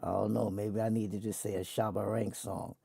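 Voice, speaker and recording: A man's voice: fairly low pitch, level tone, fairly quick, vocal fry, dark tone, husky, no room sound, clean studio sound. A man hosting his show, teasing an AI in a casual, slangy back-and-forth. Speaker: show host. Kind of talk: casual chat with an AI.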